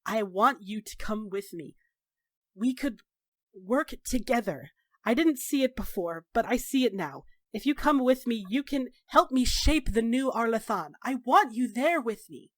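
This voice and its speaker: A woman voicing a calm, measured elder elven man who speaks softly and formally. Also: on the high side, no echo. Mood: persuasive. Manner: soft, composed, formal.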